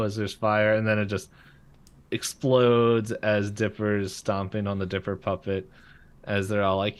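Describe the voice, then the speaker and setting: A man's voice: on the low side, little pitch movement, normal speed. A man co-hosting a podcast, casually recapping a cartoon episode with lots of fillers and laughter. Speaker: podcast co-host. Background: passing freight train.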